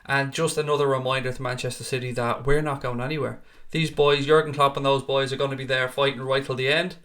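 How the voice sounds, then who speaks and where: A young man runs a live football stream out of a green-screen studio at home, welcoming viewers by name and reading their comments aloud. His voice is medium-pitched and fairly bright, with little movement in pitch, and he talks fast.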